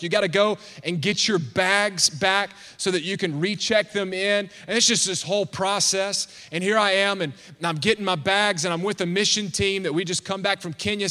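A man in his thirties preaching in church, telling a funny story in an animated, excitable, self-mocking way. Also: high-pitched. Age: 30s. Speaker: pastor. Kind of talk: humorous storytelling sermon. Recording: long hall reverb.

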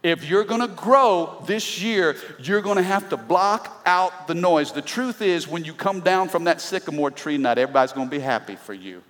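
A middle-aged pastor preaching an animated sermon, breaking into shouts and laughs. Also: male voice, on the high side, moderate pace, hardly any pauses. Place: church sanctuary. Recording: long reverb of a large hall.

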